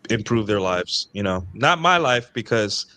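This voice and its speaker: A man hosting a casual podcast chat, blunt and profane, mimicking others in high mocking voices. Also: lively intonation, measured pace, pushed and bright, no echo. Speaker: podcast host.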